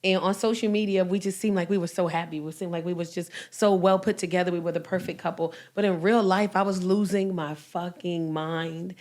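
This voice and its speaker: A woman's voice: lowish voice, fairly even intonation, fairly quick, few pauses, darkish tone. A woman hosting a podcast, chatting casually and speaking frankly about her own divorce. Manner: blunt, reactive interjections. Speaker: podcast host. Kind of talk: casual chat.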